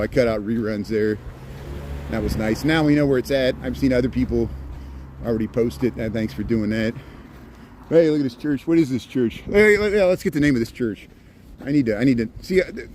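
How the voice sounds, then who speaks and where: A man's voice: mid-range voice, a little mellow. A middle-aged man walking city streets at night, chatting to his phone camera in a rambling way with many restarts. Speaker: walking vlogger. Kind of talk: casual walking commentary. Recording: faint street and traffic noise.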